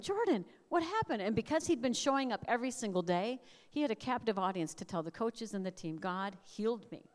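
A middle-aged woman giving a conversational, storytelling sermon. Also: on the high side. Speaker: speaker. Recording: reverberant hall.

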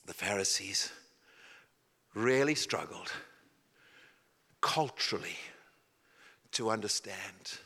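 A man preaching a sermon, telling a story dramatically and then dropping to a hushed, intense delivery. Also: on the low side, animated, slow, pauses often, husky. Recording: long reverb of a large hall.

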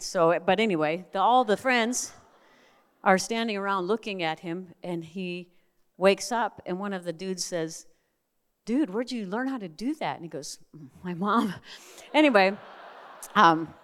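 Animated woman preaching with stories. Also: medium pitch. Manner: animated storyteller, acts out quoted voices. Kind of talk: sermon with personal stories.

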